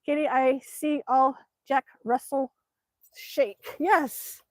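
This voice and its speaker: A woman from Alaska hosting a casual livestream, reading chat aloud, laughing often and cooing softly to her dog. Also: high-pitched, steady tone, takes it slowly, no room sound.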